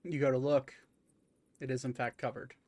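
A man's voice: mid-range voice, flat delivery, normal speed, a little mellow, dry recording. A man narrating a tabletop game as game master, hesitant with many fillers.

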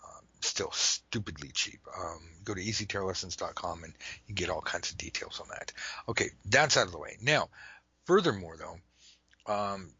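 A man hosting a podcast, ranting in an animated way and dropping to whispers for asides. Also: sits low, moderate pace, husky. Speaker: podcast host and tarot teacher. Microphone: internet call microphone.

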